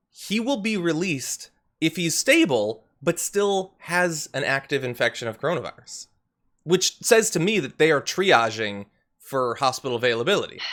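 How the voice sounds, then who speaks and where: A man hosting a political commentary show, conversational and exasperated, asking questions out loud. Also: a little high. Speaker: host.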